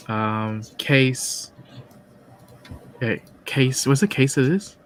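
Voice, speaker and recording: Male host, casual podcast, hushed whispery delivery, faint noise behind. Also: mid-range voice, takes it slowly, pauses often. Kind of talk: casual chat.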